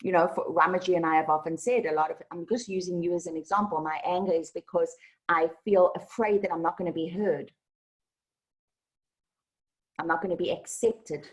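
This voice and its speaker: A woman who is a spiritual teacher, giving practical advice in a casual satsang talk with animated, lively delivery. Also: fairly low pitch, brisk, poor audio.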